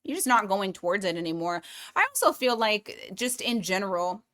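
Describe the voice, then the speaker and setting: A woman's voice: mid-range voice, animated, normal speed, fairly bright tone. A woman giving a casual weekly tarot reading, blunt and profane, thinking aloud as she pulls cards. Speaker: tarot reader.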